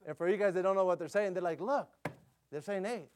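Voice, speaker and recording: A man preaching a sermon, telling a missionary story in a loose, conversational way with many fillers, often turning loud and emphatic. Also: sits high, rapid-fire, slight background noise.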